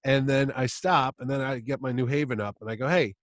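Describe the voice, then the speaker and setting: A man's voice: mid-range voice, a little fast, dry recording. A man in his fifties hosting a podcast, telling a long story in casual chat and acting out the quotes. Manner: animated storyteller who acts out quotes. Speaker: podcast host.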